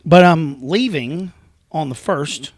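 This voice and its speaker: A man's voice: fairly high pitch, slow, no echo, studio quality. A man with a rural Southern American accent hosting a podcast, talking in a casual, reflective, rambling way and laughing easily. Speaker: podcast host. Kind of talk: casual conversation.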